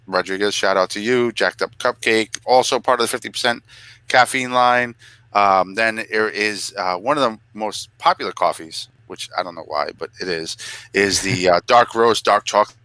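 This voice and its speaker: Guy with a punchy bright voice goofing through a sponsor read, dry close sound. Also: normal speed, smooth, no room sound, poor audio. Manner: jokey, mock-emotional, voice jumping high when clowning. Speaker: podcast co-host reading a sponsor ad. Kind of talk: casual ad-lib sponsor read.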